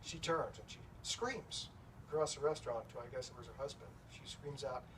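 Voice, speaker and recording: A man's voice: medium pitch, fairly quick, fairly bright tone. Middle-aged guy telling a funny story at a bookstore, kinda far off mic, lots of hiss. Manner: storytelling, self-deprecating, loose with fillers. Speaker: author speaking at a bookstore event. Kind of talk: anecdote told to a live audience. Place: bookstore event room. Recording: distant, noisy room recording.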